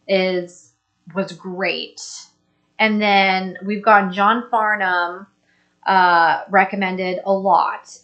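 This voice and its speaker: Chatty woman on a live q&a, upbeat, reading out comments, mid-pitched voice. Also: pushed and bright. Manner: upbeat, chatty, thinking aloud. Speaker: host. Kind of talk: casual live-stream chat reading viewer comments.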